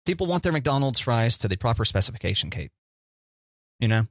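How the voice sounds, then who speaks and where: A man's voice: medium pitch, big pitch swings, fairly quick, dry recording, studio quality. A man co-hosting a casual chat show, a jokey rambling storyteller who hums little sound effects. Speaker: podcast co-host.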